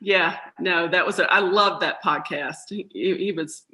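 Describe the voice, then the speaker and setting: A woman's voice: on the low side, unhurried, bright, forceful tone, low-quality recording. A middle-aged woman from North Carolina with a Southern accent, chatting as a podcast guest and telling stories with easy laughs. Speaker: guest, mindset coach. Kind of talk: podcast interview.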